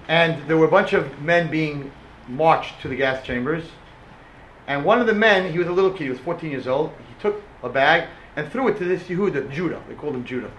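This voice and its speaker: Male religious speaker, animated dramatic storyteller, slightly high voice, roomy echo. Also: a little hiss or hum. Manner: animated, rising to impassioned shouts; mixes in Hebrew and Yiddish terms. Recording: roomy echoing room.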